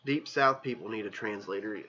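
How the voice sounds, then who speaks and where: Bright-voiced Southern Ohio man. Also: on the low side, brisk, highs cut off. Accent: Southern Ohio country. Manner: chatty, reads out viewer comments. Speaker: co-host reading chat comments. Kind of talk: casual chat.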